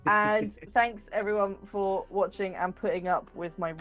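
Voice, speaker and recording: A woman's voice: medium pitch, fairly even intonation, a bit bright, faint music behind. A woman on a tabletop game stream, chatting casually and joking about herself. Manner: quick, self-mocking. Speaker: player. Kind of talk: casual chat.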